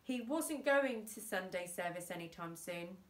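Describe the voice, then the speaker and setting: A woman teacher reading a children's book aloud with brisk storytelling narration, recorded in an echoey room on a distant mic. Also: medium pitch, expressive.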